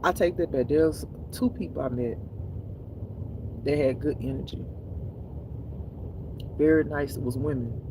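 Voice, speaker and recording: A tired man talks loosely to his live-stream viewers through a phone, and his voice sits a little high for a man. He is chatty and animated, laughing often and calling his listeners y'all. A faint hum of noise runs behind him. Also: unhurried, long pauses. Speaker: spiritual reader streaming live. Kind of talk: casual live-stream chat.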